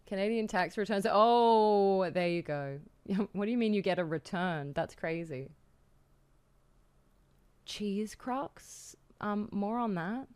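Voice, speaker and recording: A woman's voice: mid-range voice, lively intonation, slow, a little mellow, smooth. A young Australian woman chatting casually on a live stream, giggling and reading out her chat.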